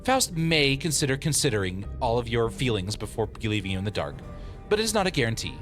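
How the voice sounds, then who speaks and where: A man voicing an aloof, know-it-all young woman from a game, in a flat, haughty and formal manner. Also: mid-range voice, fast, faint music behind.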